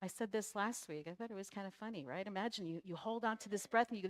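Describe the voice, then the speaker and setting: A woman's voice: mid-range voice, fast, no room sound, studio quality. A woman minister giving a conversational sermon, laughing often and acting out the characters of a story.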